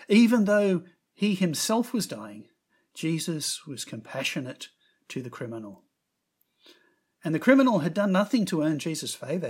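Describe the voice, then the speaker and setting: Male preacher, sermon delivery, breathy tone, expressive narration. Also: a little high. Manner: expressive storytelling, raising his voice for quoted words.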